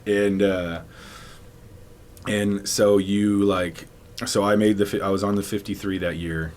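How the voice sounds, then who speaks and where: Man, deep low voice, casual storytelling, rambling, restarts, faint background hiss. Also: flat delivery, a little slow, darkish tone. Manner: rambling, many likes and restarts, laughs often. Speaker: podcast guest, former football player.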